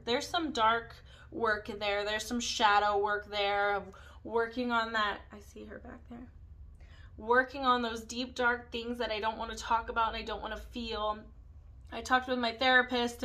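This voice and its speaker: A woman's voice: on the high side, a bit bright, rough recording. A woman in her thirties hosting a podcast, talking candidly and a little ramblingly about her own life. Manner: candid, rambling, self-reflective. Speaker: podcast host. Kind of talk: casual personal monologue.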